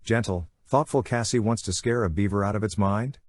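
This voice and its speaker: A man's voice: on the low side, brisk, no room sound, studio quality, close to an everyday voice. A man reading the lines of a sarcastic teenage boy in an audiobook, mocking and wisecracking. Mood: teasing.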